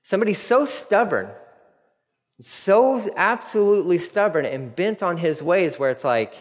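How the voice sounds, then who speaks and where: A man preaching a sermon in a church, animated and humorous, with emphatic repetition. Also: sits high, measured pace. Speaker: pastor. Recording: long hall reverb.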